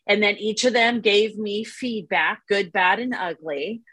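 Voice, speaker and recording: A woman's voice: mid-range voice, unhurried, a bit bright, husky, no room sound, low-quality recording. Chatty woman on a dry call. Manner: rambling, casual, lots of "you know". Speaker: support group participant. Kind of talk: casual video call chat.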